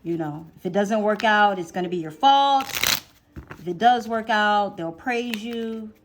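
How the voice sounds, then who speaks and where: Woman, tarot reader, chatty, repeats herself for emphasis, mid pitch, faint card shuffling. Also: unhurried, background noise. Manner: drops to a whisper while drawing cards. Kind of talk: casual tarot reading.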